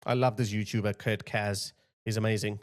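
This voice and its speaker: A man's voice: fairly low pitch, flat delivery, normal speed. A man hosting a commentary channel, talking emphatically and indignantly over video clips.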